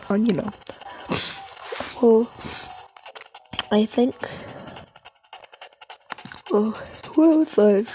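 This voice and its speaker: A woman's voice: medium pitch, warm tone, poor audio. Give me a teenage girl chatting loosely about her day, full of fillers and swear words. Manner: rambling, heavy swearing, many fillers. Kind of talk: rambling casual monologue.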